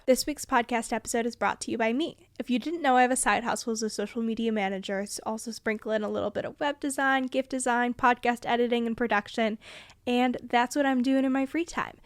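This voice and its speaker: A teenage woman hosting a solo advice podcast, talking earnestly and reassuringly in quick, list-like runs. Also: a little high, fairly even intonation, no echo, clean studio sound. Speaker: podcast host.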